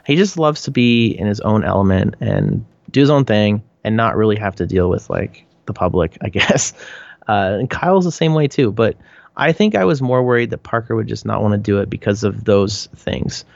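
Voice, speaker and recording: A man's voice: lowish voice, expressive, normal speed, creaky, no echo. A man with a Canadian accent answering interview questions casually, rambling with lots of fillers and restarts. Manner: rambling, frequent "like" and restarts, laughs often. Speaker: band member, interviewee. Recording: dull lo-fi dry sound.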